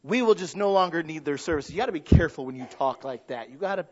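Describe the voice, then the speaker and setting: A male pastor with a high voice delivers a sermon. He swings from quiet, intimate asides to loud, stretched-out proclamations. The sound is dull and lo-fi. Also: animated, fast. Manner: dynamic preaching, swinging from hushed to loud and drawn out.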